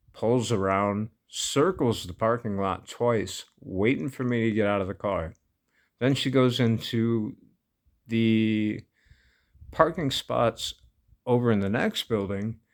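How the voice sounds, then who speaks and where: A man casually telling a personal story, laid-back and amused, often breaking into laughter. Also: medium pitch. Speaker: vlogger.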